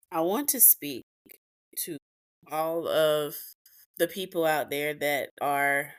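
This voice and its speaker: A woman hosts a podcast, recounting a personal story bluntly and emotionally, with profanity and emphatic repetitions. Her voice is low-pitched with a fairly bright tone.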